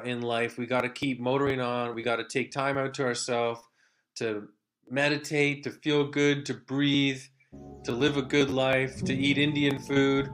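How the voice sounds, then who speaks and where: Comedy host, man, mock-calm meditation patter with sudden loud tangents; steady guitar bed behind. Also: medium pitch. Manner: rambling, absurd asides, swings from loud rants to hushed calm. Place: live online event. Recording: music playing under the voice. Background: soft guitar music.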